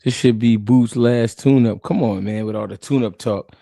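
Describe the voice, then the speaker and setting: A man's voice: medium pitch, moderate pace, vocal fry, warm tone, dry recording, clean studio sound. A man hosting a live stream, chatting casually and animatedly in slang, talking straight to his chat.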